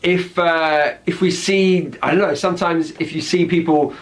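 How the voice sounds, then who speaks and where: Chatty British man, rather high voice. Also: fairly even intonation, normal speed. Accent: British English. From Britain. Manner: chatty, teacherly, acts out example phrases. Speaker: English slang teacher. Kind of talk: explaining slang words with examples.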